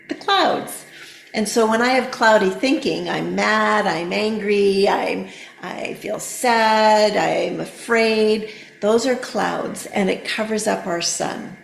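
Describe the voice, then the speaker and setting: A middle-aged woman, a therapeutic coach on a podcast, explaining gently with many fillers. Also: medium pitch, creaky, reverberant. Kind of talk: casual podcast conversation.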